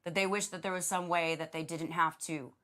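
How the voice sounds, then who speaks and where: Woman, chatty co-host, slightly low voice, casual podcast talk. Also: fairly even intonation, fairly quick, a crowd in the background. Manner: chatty, retelling scenes in quoted voices. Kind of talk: casual chat.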